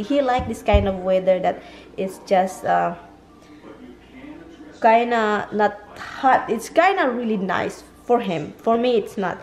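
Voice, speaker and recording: A woman's voice: medium pitch, a little slow, a little mellow, poor audio. A woman from the Philippines, chatting casually at home in a rambling vlog and talking to her pets. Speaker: vlogger.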